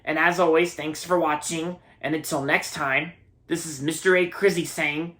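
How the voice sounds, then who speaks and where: A man's voice: a little high, fairly even intonation, moderate pace, fairly bright tone. A young man in his early twenties from Maryland, giving a rambling, casual movie review and often repeating himself. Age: early 20s.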